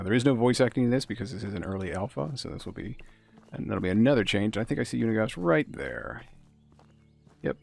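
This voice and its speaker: A man's voice: lowish voice, gravelly, a little mellow. A man giving chatty, musing commentary as he streams a game. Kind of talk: casual gameplay commentary.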